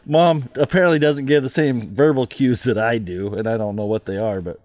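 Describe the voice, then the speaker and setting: A middle-aged man in casual chat, rambling, laughing often and trailing off quietly. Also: medium pitch, brisk, no room sound.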